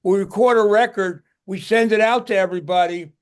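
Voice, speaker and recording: A man's voice: high voice, brisk, clean tone. An older man, a guest musician, tells stories in a casual interview, rambling and restarting his words.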